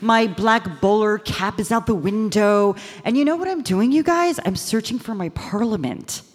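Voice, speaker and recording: A woman telling a lively, self-mocking first-person story on a live stage, often slipping into voices for the people in it. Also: medium pitch. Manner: animated, self-mocking, quick shifts into quoted voices. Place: live stage in front of an audience. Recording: stage mic with long hall reverb.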